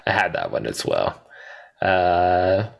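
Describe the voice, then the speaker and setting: Male co-host, low and unhurried voice, laid-back movie chat with lots of laughs. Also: gravelly, breathy edge. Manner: quotes movie lines, laughs often. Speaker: podcast co-host.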